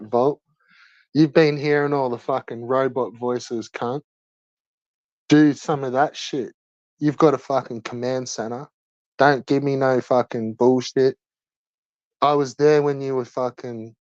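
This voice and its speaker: A man's voice: medium pitch, a little mellow, no echo, dull audio. A man hosting a livestream, chatting casually and crudely, swearing constantly in slangy banter. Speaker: livestream host.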